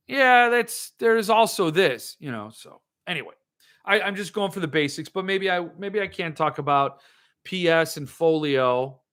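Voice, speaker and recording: A man hosting a casual monologue, rambling and animated with excitable outbursts. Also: fairly high pitch, clean tone. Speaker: host.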